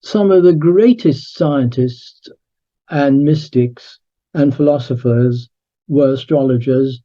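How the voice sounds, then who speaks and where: Slow, dark-voiced man explaining. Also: mid-range voice, lo-fi sound. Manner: measured, lecturing, emphatic. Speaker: author and guest. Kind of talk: conversational interview.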